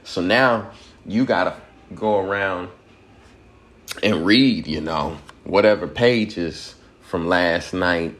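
A man's voice: deep voice, slow, a bit bright. A man from Georgia, giving a loose, profane commentary monologue and laughing at his own points.

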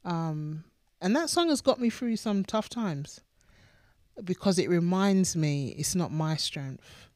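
Low-voiced earnest woman pastor. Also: lively intonation, slow, a little mellow, no echo, clean studio sound. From United Kingdom. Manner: earnest, emphatic, repeats words when building a point. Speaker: podcast co-host, pastor. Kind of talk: casual faith chat.

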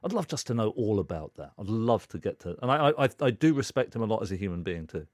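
Lively, expressive podcast co-host. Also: male voice, fairly low pitch, quick pace, no echo, studio quality. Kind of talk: casual chat.

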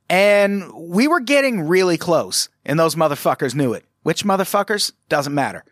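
An American man hosting a commentary video, sarcastic and profane, with animated asides. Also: a little high, dry recording, clean studio sound. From United States. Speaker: commentary host. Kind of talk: casual scripted commentary.

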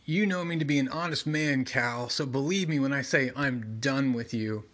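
A man's voice: medium pitch, normal speed, a bit bright, close to an everyday voice. A man reading a cold, hostile hero. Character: mind-controlled male space hero, cold and hostile.

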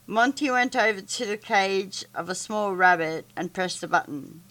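A woman reading a children's story aloud, halting with stumbles and restarts. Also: medium pitch, a bit bright.

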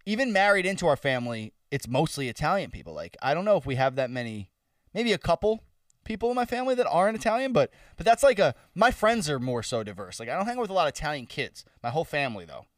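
A man's voice: fairly high pitch, very animated, fast talker, no room sound, studio quality, distant mic. A man co-hosting a podcast in casual chat, loose and swearing, often laughing. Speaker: podcast co-host.

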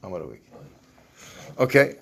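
Over crowd noise, a man teaches an evening Torah class at normal speed, reading out verses and translating them. He acts out what the people said, speaking Yeshivish English with Hebrew mixed in.

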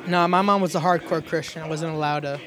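A man's voice: fairly high pitch, steady tone, quick pace, fairly bright tone. A man, a stand-up comedian, telling stories in a rambling, self-deprecating way during a casual chat.

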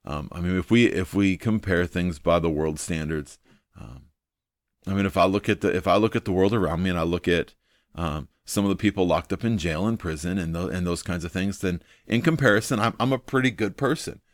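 Hosting a devotional video, a man with a low voice teaches from the Bible a little quickly, earnest and seeming to think aloud, with plenty of ums and repeated main points. The sound is clean studio audio without echo.

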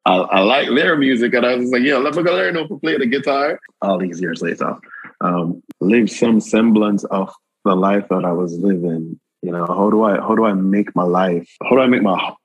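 Jamaican guy, husky lowish voice, dry close sound, easygoing storyteller in an interview. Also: moderate pace, no room sound, muffled recording. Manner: laid-back, animated storytelling with frequent asides. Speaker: guest creative. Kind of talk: casual conversational interview.

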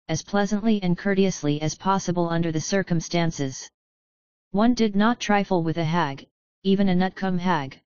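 A woman narrating a fantasy audiobook in clear, even storytelling. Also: lowish voice, moderate pace, dry recording. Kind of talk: scripted narration. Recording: slightly dull, dry studio sound.

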